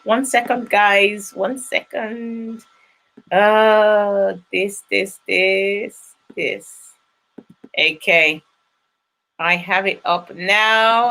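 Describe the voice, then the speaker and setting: A woman's voice: high-pitched, pushed and bright. A woman hosting a live children's read-along, chatting with young viewers and coaxing them to answer. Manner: encouraging, coaxing answers from kids.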